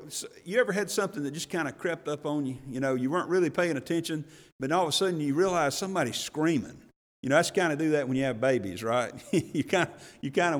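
A middle-aged man preaching a sermon as pastor, telling the story with animated voices. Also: on the high side, in a large hall.

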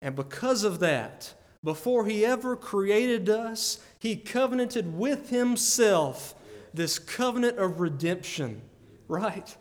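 Speaking slowly in a high, expressive voice, a male pastor delivers a sincere, conversational sermon. He keeps asking his listeners "right?" as the sanctuary's long reverb trails each phrase.

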